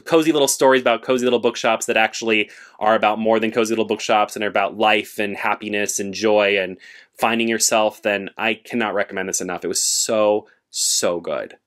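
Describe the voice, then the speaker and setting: A man chatting casually about books he read this month, expressive and full of fillers, with lively jumps in pitch when he gets excited. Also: fairly quick. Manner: frequent fillers like "like" and restarts. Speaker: book vlogger. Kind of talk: casual book review chat.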